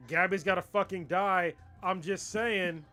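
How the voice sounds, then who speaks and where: A man with a high voice co-hosts a casual livestream chat about anime. He rants with excitable, profane energy and laughs often. Faint music plays behind him. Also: measured pace. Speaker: livestream co-host.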